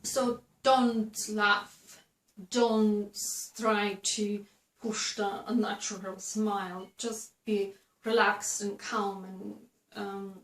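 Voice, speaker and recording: A woman giving advice to camera in a casual, halting way, with many fillers and restarts. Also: medium pitch, level tone. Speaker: video host giving advice. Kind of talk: casual instructional talk to camera. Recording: echoey room.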